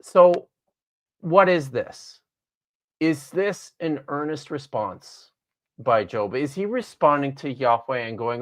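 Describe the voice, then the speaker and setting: A man's voice: medium pitch, animated, slow pace. A man, a guest author and Bible scholar, talking in a podcast conversation and reading from his own book, thoughtful and wry with frequent restarts.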